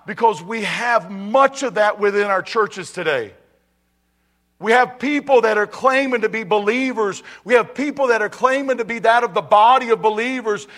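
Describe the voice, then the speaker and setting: A man's voice: high-pitched, normal speed, a bit bright. A male pastor preaching a conversational sermon to his church, often repeating phrases and asking the congregation if they are ready. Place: church sanctuary.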